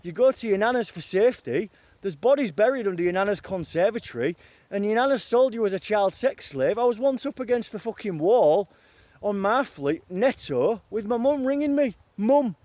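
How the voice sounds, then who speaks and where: A man from northern England delivers a raw, rambling confessional monologue. His voice sits high, and he swears freely and jumps between voices and outbursts. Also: lively intonation, moderate pace, darkish tone, dry recording. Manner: raw, profane, jumps between quotes and rants.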